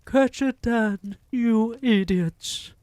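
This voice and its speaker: A man's voice: very high voice, drawn-out words, darkish tone, clear, resonant tone, no echo, pitched above the performer's own voice, full character voice. A man voicing a cruel female witch leader who shrieks orders, in a storybook reading. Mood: scolding. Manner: screeching commands.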